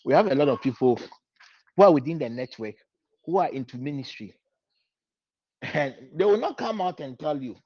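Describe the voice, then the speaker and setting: A man's voice: fairly high pitch, lively intonation, moderate pace, long pauses, darkish tone, husky, dry recording. A man preaching a sermon, mixing in Twi and hammering lines with repetition. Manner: switching between English and Twi, repeating lines with rising emphasis. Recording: dull, lo-fi recording.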